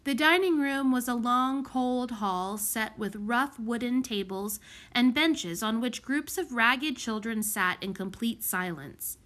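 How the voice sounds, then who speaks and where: A woman narrating a children's audiobook in an expressive, measured way. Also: fairly high pitch. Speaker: audiobook reader.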